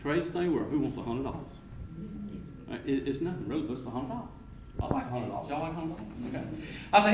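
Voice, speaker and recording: A man giving a sales training talk to a live audience, quizzing the crowd and acting out sales pitches. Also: very animated, racing, far from the mic. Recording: roomy hall echo with faint noise.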